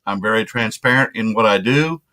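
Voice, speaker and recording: A man's voice: fairly low pitch, fairly quick, sharp tone. A middle-aged man from Central Texas, a guest talking about himself in a plain, matter-of-fact way. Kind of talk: casual interview chat.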